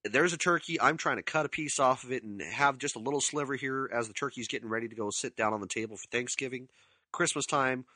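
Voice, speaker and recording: Middle-aged male co-host, lively storyteller, bright voice, dry sound. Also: medium pitch, fast, no echo. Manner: animated storyteller, acts out quotes; laughs often. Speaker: podcast co-host discussing a film. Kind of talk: casual chat.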